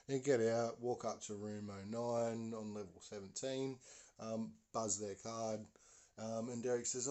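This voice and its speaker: Podcast guy telling a long story, loose and rambly, mellow low-key voice. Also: fairly even intonation, unhurried. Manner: rambling, full of "you know" fillers. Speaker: podcast host. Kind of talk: casual storytelling.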